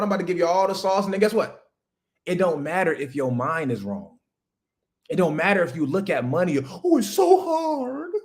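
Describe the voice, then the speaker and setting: A man hosting a livestream, giving an emphatic, profane motivational rant about business straight to his chat. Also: high-pitched. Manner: talks straight to chat viewers. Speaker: livestream host, business coach.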